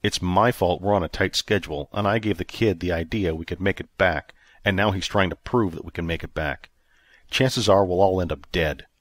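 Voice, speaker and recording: A man voicing a wounded, feverish male spaceship captain who grumbles low and stubbornly in an audiobook. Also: moderate pace, no echo. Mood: guilty. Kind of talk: audiobook character reading.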